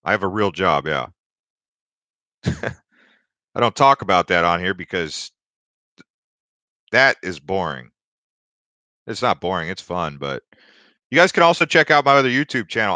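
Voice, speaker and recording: A young man hosts a casual crypto livestream, rambling through stories and viewer comments with lots of restarts and fillers. His lowish voice sounds pushed and bright, and the recording is dry.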